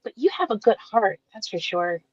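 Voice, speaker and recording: A woman playing a gentle young woman with cancer. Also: medium pitch, big pitch swings, husky, no room sound. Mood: admiring. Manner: soft, emotional, slow-spoken. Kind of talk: amateur radio drama acting. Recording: dull dry lo-fi recording.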